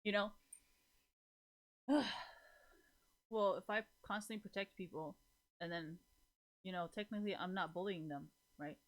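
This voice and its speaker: A woman's voice: mid-range voice, unhurried, long pauses. A young woman streamer chatting casually to her viewers, rambling and swearing a lot, breaking into laughs often.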